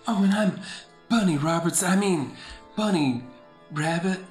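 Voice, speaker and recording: A woman's voice: fairly low pitch, a little slow, a little mellow, voice pushed up, lightly acted. A woman voicing a sweet, dim-witted churchwoman who talks in an airy, naive way, in a roomy studio with faint music.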